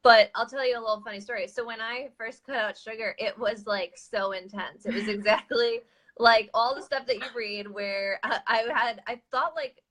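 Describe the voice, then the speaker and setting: A woman's voice: a little high, normal speed. A woman hosting a casual chat, telling a funny story with lots of laughter. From United States. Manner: animated storyteller, laughs often. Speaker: host.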